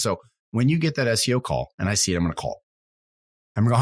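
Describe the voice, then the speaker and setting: A man's voice: on the low side, sing-song, quick pace, no room sound. A man, co-hosting a casual business podcast and acting out his customer calls as he tells stories. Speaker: sign company salesman, co-host.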